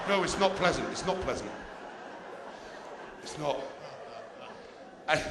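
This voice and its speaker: A man's voice: mid-range voice, echoey room, background noise. A male stand-up comedian on a theatre stage, cheekily teasing the audience.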